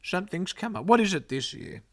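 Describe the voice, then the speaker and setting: A man's voice: high-pitched, very animated, brisk, fairly bright tone, no echo, clean studio sound, full character voice. A man playing an exasperated, theatrical comedy show director who talks in a sing-song way. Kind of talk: improvised comedy podcast.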